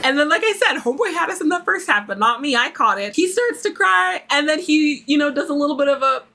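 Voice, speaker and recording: A woman's voice: sits high, very animated, fairly quick, pushed and bright, slight background noise. A woman hosting a casual reality-show reaction recap, chatty and sassy as she retells the scenes. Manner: chatty, sassy, acts out quotes. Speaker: reaction video host.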